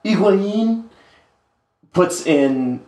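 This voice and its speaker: A man's voice: high-pitched, expressive, drawn-out words, a little mellow. A man co-hosting a casual sports podcast, rambling with many filler sounds as he recaps matches. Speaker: podcast co-host. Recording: roomy echo.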